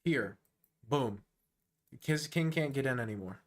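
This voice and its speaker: A man giving casual live chess commentary on a stream, with a voice of ordinary middle pitch. He is excitable and slangy and talks straight at the player as if coaching a friend. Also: unhurried.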